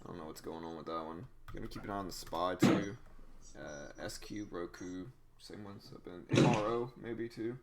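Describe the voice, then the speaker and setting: A man's voice: low-pitched, moderate pace, creaky, very noisy. Chatty man hosting a trading stream. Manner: relaxed, chatty, with frequent restarts and fillers. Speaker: day-trading livestream host. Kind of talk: casual live-stream chat.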